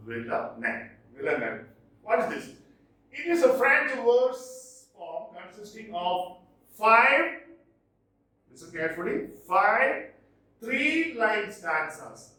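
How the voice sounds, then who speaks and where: A male teacher lectures at a deliberate, unhurried pace, his voice rising and falling with lively emphasis. He often repeats the key words. The sound is distant and heavily reverberant, as if captured from across a bare classroom. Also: sits high. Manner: slow, explanatory, repeats key points, emphatic stresses. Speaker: English literature teacher. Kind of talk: recorded lecture. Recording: very echoey room, mic at a distance.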